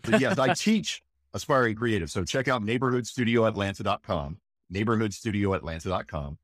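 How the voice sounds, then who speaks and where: This is a voice actor being interviewed in a laid-back chat, his lowish, somewhat bright voice moving briskly and expressively. There's no room sound, just clean studio audio. He comes across as excited and emphatic, with frequent "again" and "right?".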